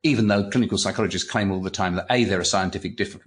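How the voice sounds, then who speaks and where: An older man, a retired clinical psychologist, chatting as an interview guest and telling animated anecdotes, often repeating words and swearing. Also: deep voice, rapid-fire. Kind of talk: casual interview storytelling.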